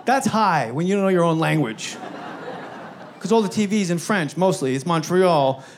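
Profane middle-aged stand-up comedian. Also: male voice, sits high, expressive, normal speed, slight background noise. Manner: profane, rambling anecdotal delivery.

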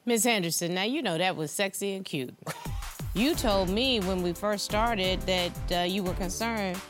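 A woman's voice: mid-range voice, normal speed, faint music behind. A woman presiding as a TV court judge, frank and teasing with the couple before her. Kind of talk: courtroom TV banter.

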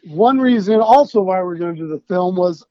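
A man's voice: high-pitched, lively intonation, normal speed, no room sound, lo-fi sound. A man being interviewed as a band founder, talking in a rambling, emphatic way with plenty of swearing. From United States. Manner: rambling, emphatic and profane, with restarts. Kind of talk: casual podcast interview.

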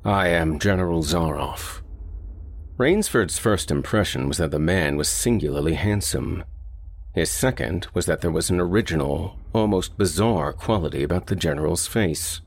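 A man reading a short story aloud in a steady, deliberate audiobook narration. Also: sits low, husky.

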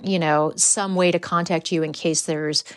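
A woman comedian chatting as a podcast guest in a fairly low voice. She keeps it breezy and jokey and drops in quick asides. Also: fairly even intonation, smooth. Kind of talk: casual podcast chat.

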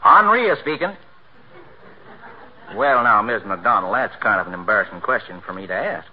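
A man's voice: fairly low pitch, expressive, normal speed, natural voice. A man playing a genial small-town tailor in a 1940s radio comedy, speaking in a folksy drawl with rural grammar. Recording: dull, hissy vintage radio broadcast.

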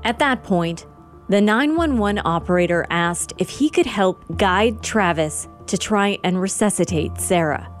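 A woman host giving scripted true-crime narration in a measured, sober way. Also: mid-range voice, lively intonation, soft background music.

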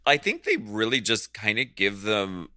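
A man co-hosting a podcast in casual chat, frank and animated, talking in "like"-filled runs. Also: lowish voice, measured pace, no echo, studio quality. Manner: animated, frank, peppered with "like" and "fierce". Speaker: podcast co-host.

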